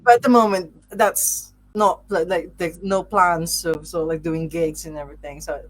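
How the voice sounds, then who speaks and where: A woman's voice: fairly low pitch, fairly even intonation, moderate pace. A woman hosting a podcast, asking casual interview questions with hesitations and searching for words. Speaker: podcast host.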